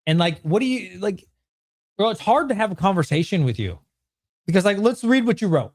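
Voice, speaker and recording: Lively ranting man in his thirties. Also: sits high, a little fast. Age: 30s. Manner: excitable, swears a lot, ranting at chat. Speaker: streamer host. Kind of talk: livestream Q&A chat.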